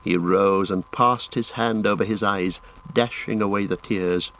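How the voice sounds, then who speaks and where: A man narrating a fantasy audiobook in a measured, dramatic storytelling manner. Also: on the low side, steady tone, a bit bright, poor audio.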